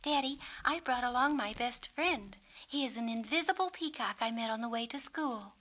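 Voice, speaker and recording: A woman reading a story puts on the voice of an excited little girl, high, bright and bubbly. The character sounds eager, imaginative and quick to plead.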